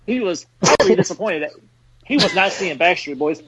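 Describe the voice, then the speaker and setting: A man hosting a podcast, telling stories in casual chat with animated bursts and laughs mid-sentence. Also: high voice, a little fast, slightly rough. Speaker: podcast host. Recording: dull lo-fi dry sound.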